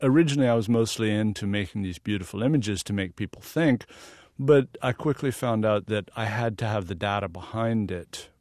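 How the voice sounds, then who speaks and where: A middle-aged man from the American South speaks in a lowish voice, recorded close and dry. He explains his photography work in an earnest, steady way, with easy laughs in between. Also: fairly quick, no room sound. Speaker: photographer guest. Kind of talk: radio interview.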